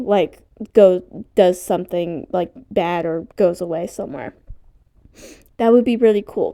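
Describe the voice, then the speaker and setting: Excitable woman with a bouncy, lively voice. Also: mid-range voice. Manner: excitable, easily sidetracked, swears casually. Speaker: vlogger. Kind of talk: casual rambling commentary.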